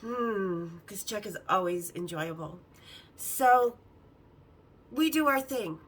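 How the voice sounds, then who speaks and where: A woman hosting a podcast, telling candid, bawdy stories in a lively, casual way and acting out the other people in them. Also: mid-range voice, slow, a little hiss or hum, rough recording. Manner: lively, acts out the others' lines in her story. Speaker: podcast host. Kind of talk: casual storytelling.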